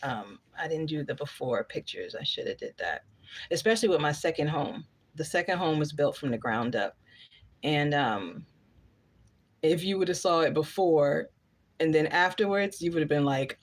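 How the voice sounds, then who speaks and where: A woman's voice: low voice, expressive, unhurried. A woman, chatting casually on a live stream, reading out viewer comments and answering them bluntly.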